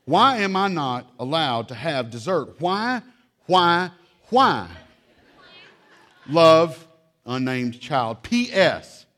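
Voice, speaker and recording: A man's voice: a little high, very animated, extremely slow, pauses often, fairly bright tone, voice pushed up, full character voice. A man voicing a young child reading a dramatic journal entry, whining and pleading about dessert. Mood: melodramatic. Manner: pleading, melodramatic sing-song.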